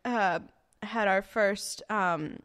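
A young woman telling a story in casual chat, animated and full of fillers, laughing often as she goes. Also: mid-range voice, drawn-out words.

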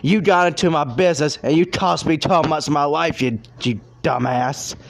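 A man rants on his podcast in a furious, threatening tirade. His voice is gravelly and sits a little high for a man, rough at the edges as he spits insults. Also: normal speed. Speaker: podcast host. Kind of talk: angry ranting podcast.

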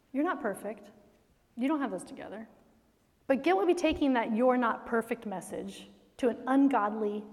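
A middle-aged woman with a high voice tells stories to a room of mothers in a lively, faith-based talk. She laughs often and keeps things animated. Her voice rings with the long reverb of a large hall. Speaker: speaker to moms.

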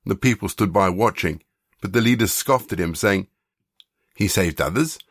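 A man leading a prayer and reading scripture aloud in a measured, reverent way. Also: low voice, dry recording, clean studio sound. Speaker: scripture reader.

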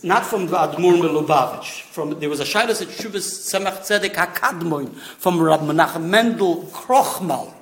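Man, high voice, informal religious lesson, rambling digressions, Hebrew and Yiddish terms, echoey room. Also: moderate pace, few pauses, fairly bright tone. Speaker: Torah teacher.

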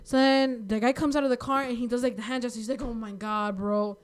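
A young woman telling a rambling, animated story in casual chat. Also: sits high, fast talker, clean tone. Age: young adult.

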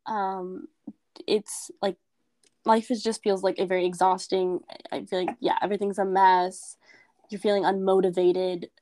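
A woman's voice: mid-range voice, flat delivery, measured pace, warm tone. A young woman co-hosting a podcast, chatting casually with a giggly, playful, rambling manner. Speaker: podcast co-host.

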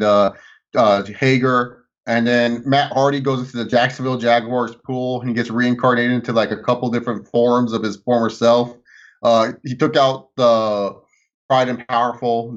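A man co-hosting a casual wrestling podcast, rambling excitedly through recaps and laughing often. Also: mid-range voice, muffled recording. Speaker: podcast co-host.

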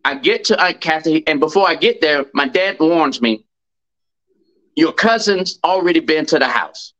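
A man's voice: a little high, lively intonation, moderate pace, fairly bright tone, lo-fi sound. A middle-aged man, a podcast guest telling a personal story. He stresses and repeats key phrases.

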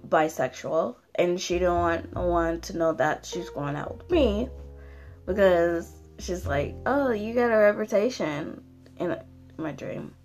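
A young woman hosting her own podcast, ranting casually with lots of fillers and swearing, sounding tired. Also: fairly low pitch. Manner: rambling, profane, frequent fillers. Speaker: podcast host. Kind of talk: casual solo rant.

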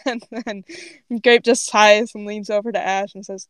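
A woman's voice: medium pitch, little pitch movement, normal speed, dry recording. A young woman on a podcast reading her own old story aloud, giggling and breaking off to comment as she goes. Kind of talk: casual read-aloud with commentary.

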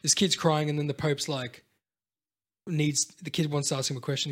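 A man's voice: a little high, moderate pace. A man, telling long rambling stories in casual, profane chat. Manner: rambling, profane, animated storytelling. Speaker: podcast co-host.

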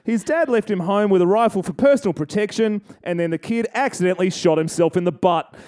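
A man's voice: high-pitched, brisk, darkish tone, smooth. A man co-hosting a comedy podcast, ranting in a profane, mocking style and building to punchlines. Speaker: co-host.

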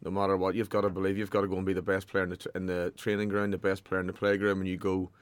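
Forthright man, lowish voice. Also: completely flat delivery, very fast, clean tone, dry recording. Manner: forthright, earnest, repeats for emphasis. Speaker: football manager guest. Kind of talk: interview answers.

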